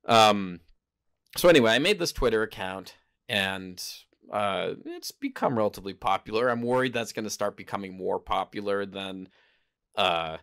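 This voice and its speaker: A man's voice: fairly low pitch, expressive, moderate pace, fairly bright tone, smooth. A man hosting a casual solo podcast, rambling and hesitant, often stopping to correct himself. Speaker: podcast host. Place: home in Japan.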